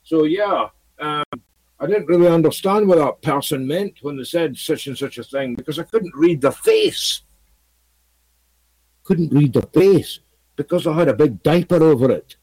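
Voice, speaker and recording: Rambling man, slightly high voice. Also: moderate pace, a little mellow, no room sound, rough recording. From Scotland. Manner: rambling, repetitive, with many fillers. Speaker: video blogger. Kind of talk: casual monologue to camera.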